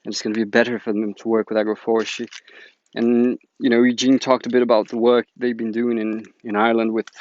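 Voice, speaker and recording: A man's voice: medium pitch, level tone, fast talker, a little mellow, slight background noise. A man, hosting an agroforestry channel and giving a chatty, enthusiastic announcement to viewers. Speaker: agroforestry teacher, channel host. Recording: dull lo-fi dry recording.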